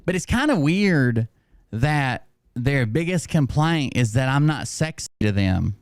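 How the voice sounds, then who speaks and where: A man's voice: mid-range voice, very animated, slow, pauses often, no echo, studio quality. A man hosting a casual livestream, rambling and self-mocking, laughing often. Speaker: streamer host.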